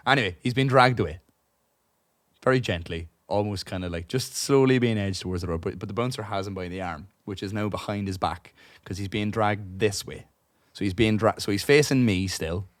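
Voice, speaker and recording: Irish podcast co-host, young adult male, lowish register, casual and profane, tangents everywhere. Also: fairly quick, no echo. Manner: animated, profane anecdote telling with many asides. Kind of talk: casual storytelling chat. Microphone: podcast studio microphone.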